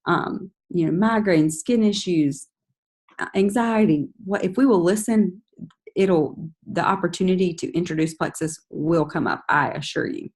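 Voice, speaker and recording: Upbeat woman coaching her team. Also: a little slow. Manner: energetic, coaching, acts out chatty quotes in a higher voice. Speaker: team leader giving sales tips. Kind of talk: motivational team call talk.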